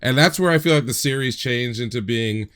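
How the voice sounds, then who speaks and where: Male podcast co-host, clear full voice, mid pitch, thinks out loud. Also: fairly quick. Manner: rambling, filler-heavy explaining. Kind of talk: casual chat.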